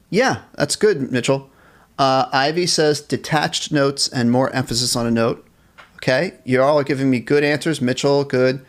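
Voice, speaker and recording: A man teaching a live online band class, cheerfully reading chat questions aloud and encouraging students. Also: medium pitch. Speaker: music teacher.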